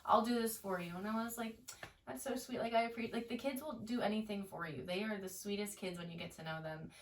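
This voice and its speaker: A woman's voice: medium pitch, fairly quick. A woman in her twenties, a teacher and podcast guest, telling classroom stories in casual chat and acting out her students' lines. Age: 20s. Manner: animated storyteller, acts out students' voices. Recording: roomy, a bit far from the mic, faint noise.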